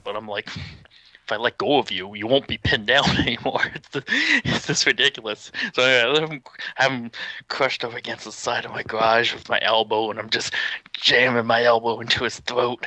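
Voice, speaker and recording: A young man casually telling a story, animated and swearing, acting out what people said with sudden shouts. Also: mid-range voice, moderate pace, no room sound, rough recording.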